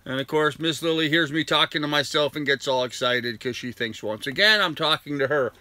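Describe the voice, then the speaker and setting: A man's voice: fairly high pitch, fairly quick, sharp tone, no room sound. An older man hosting a casual live stream from home, greeting his viewers one by one by name. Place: at home with a dog nearby. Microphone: laptop.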